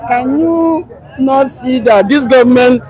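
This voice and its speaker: A man's voice: very high voice, slow pace, darkish tone, some chatter behind, rough recording. A man giving political commentary on a talk show, emphatic, with rhetorical questions and frequent hesitations.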